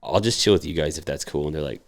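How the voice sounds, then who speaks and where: A young man with a very low, gravelly voice tells his stories in a loose, casual way. He swears freely and jumps into animated impressions of the people he quotes. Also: fast talker. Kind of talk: casual storytelling.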